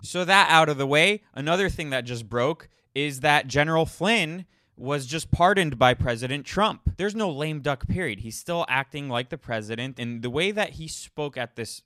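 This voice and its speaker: Male podcast host, casual solo rambling, lots of false starts; bright, tense tone, mid pitch. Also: normal speed, no room sound, studio quality. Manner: rambling, with frequent restarts and repeated words.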